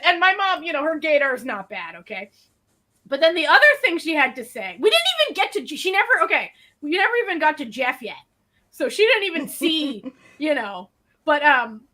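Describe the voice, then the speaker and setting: A woman co-hosting a casual stream from home, telling stories animatedly with quick asides and frequent laughter. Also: sits high, sharp tone. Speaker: co-host of a colouring stream. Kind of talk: casual chat. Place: at home, dryer running nearby.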